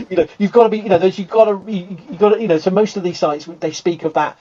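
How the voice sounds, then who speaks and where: Fast-talking English archaeologist, lo-fi. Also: male voice, high-pitched, a little hiss or hum. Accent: Southern English. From England. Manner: lively, chuckling, acts out quoted voices. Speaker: archaeologist guest. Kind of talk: animated conversational explanation.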